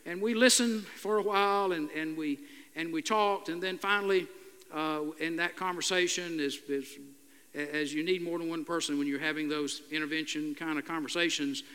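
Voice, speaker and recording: An older man, a pastor, preaching a sermon in a halting, earnest storytelling way with many "uh" fillers. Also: a little high, fairly even intonation, sharp tone, clean tone. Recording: long hall reverb.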